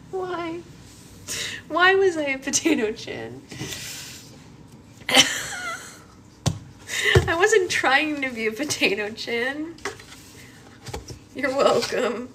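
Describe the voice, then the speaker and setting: A woman's voice: high voice, animated, extremely slow, pauses often, fairly bright tone, slight background noise. A woman in her thirties chatting casually in a vlog as a mom, exclaiming and laughing at herself, switching to sing-song baby talk for her infant. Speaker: mom vlogger.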